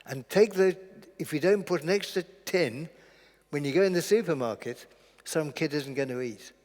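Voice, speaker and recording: A man's voice: on the high side, darkish tone. Earnest older man in an echoing hall. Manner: earnest, indignant, halting. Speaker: guest film director. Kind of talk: public talk. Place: large church hall. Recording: echoey large hall.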